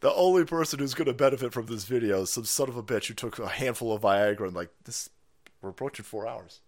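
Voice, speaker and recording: A man hosting a stream, ranting in a foul-mouthed, mocking way, often laughing and jumping up in pitch when excited. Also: quick pace. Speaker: streamer and host. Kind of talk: profane ranting commentary stream.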